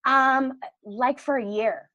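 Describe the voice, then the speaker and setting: A woman in her forties chatting as a podcast guest, telling lively stories and acting out the people in them. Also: high voice, slow, lo-fi sound. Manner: animated storyteller, acts out quoted voices. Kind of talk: casual interview chat.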